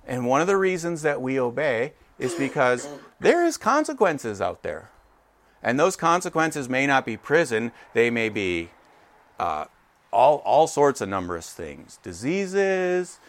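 A man in his forties gives a sermon in a lively, talkative manner, turning to his listeners again and again. His voice sits at an ordinary middle pitch. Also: unhurried. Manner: animated, conversational, checks in with listeners.

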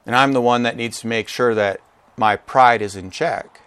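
A man preaching a sermon to his congregation. He is animated and joking, and acts out quotes with big jumps in pitch. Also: moderate pace, clear, resonant tone, no room sound. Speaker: pastor. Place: church gathering with a live congregation.

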